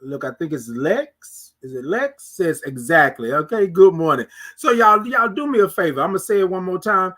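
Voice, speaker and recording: High-voiced man hosting a morning livestream. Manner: animated, drawn-out greetings, preacher-like repetition. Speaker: livestream morning show host. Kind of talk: casual live-stream chat reading comments.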